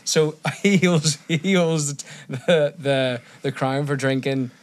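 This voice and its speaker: A man's voice: fairly high pitch, takes it slowly. A man, a DJ appearing as a podcast guest, chatting casually in a laid-back way and swearing freely as he tells stories.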